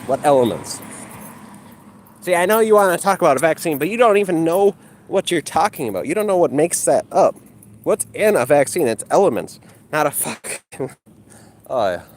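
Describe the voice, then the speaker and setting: A man's voice: on the high side, big pitch swings, brisk, slight background noise. A man ranting and mocking his critics with heavy profanity while he exercises outdoors. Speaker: livestreamer.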